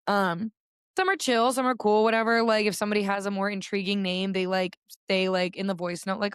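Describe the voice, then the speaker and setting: A woman's voice: mid-range voice, fairly even intonation, moderate pace, smooth, no room sound, clean studio sound. A young woman co-hosting a podcast, chatting in an upbeat way with lots of fillers. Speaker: podcast co-host. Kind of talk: casual chat.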